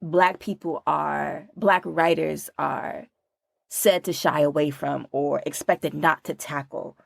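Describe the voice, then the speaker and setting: A woman's voice: deep voice, steady tone, takes it slowly, vocal fry, dry recording. A woman hosting a podcast, asking curious, probing questions of her guest. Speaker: podcast host. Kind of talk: conversational interview.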